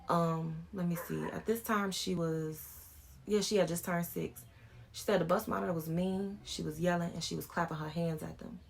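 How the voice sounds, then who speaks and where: A woman's voice: lowish voice, creaky, a bit bright, slight background noise. A woman in her thirties, a vlogger, telling a personal story in a frank, informal way as she talks things through.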